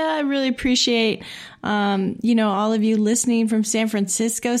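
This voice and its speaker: Chatty woman podcast host from Indiana. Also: mid-range voice. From Indiana, USA. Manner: chatty, friendly, self-deprecating. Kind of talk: casual podcast announcements.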